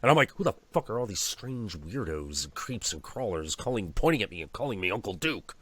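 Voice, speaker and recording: A man's voice: lowish voice, sing-song, fairly quick, heavy background noise. A man putting on a brash, profane wild writer while telling a story over a video call. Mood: ranting. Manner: brash and cursing. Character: profane, wild-talking male writer impression.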